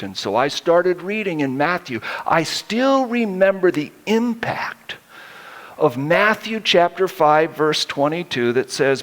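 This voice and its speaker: A man's voice: a little high, lively intonation, a little slow, a bit bright. A middle-aged male pastor preaching a sermon, telling stories and acting out the quotes he reads.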